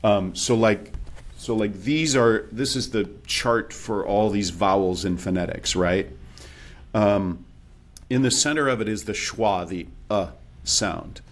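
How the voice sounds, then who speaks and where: A man's voice: lowish voice, measured pace. A man who is an accent and dialect coach, speaking as a guest in a podcast interview, explaining things patiently like a teacher. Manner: explanatory, teacherly, animated demonstrations.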